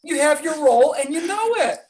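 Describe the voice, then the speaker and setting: A man playing a brash, insulting comedy host who roasts his guests in a high, mocking voice. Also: lively intonation, fairly quick, a little mellow. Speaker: comedy show character. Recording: noisy background.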